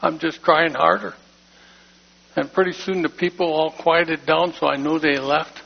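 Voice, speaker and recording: A man's voice: a little high, little pitch movement, measured pace. A man giving an emotional personal testimony in church, plain-spoken and heartfelt. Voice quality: gravelly, husky voice. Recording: dull lo-fi recording.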